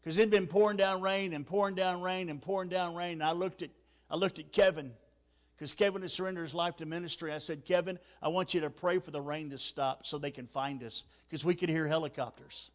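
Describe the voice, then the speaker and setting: A man preaching at a church revival, telling a story with emotion, often repeating words and dropping very quiet at the sad parts. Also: on the high side, fairly even intonation, fairly quick. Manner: emotional, repeats words, drops to near-whisper at sad moments. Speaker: evangelist. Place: church sanctuary.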